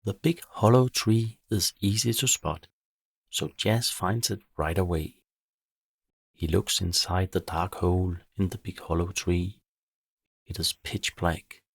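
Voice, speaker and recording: A man calmly narrating a bedtime story for children in a measured way. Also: deep voice, creaky, slightly rough, no echo, studio quality.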